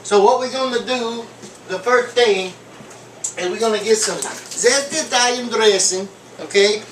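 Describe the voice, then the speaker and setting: Speaking at a measured pace in a high, fairly bright voice, a man hosts his own comedic cooking demo, rambling cheerfully with jokes, fillers and asides between steps. Recorded from across an echoey home kitchen, he's backed by clattering pans, dishes and cutlery and slight noise.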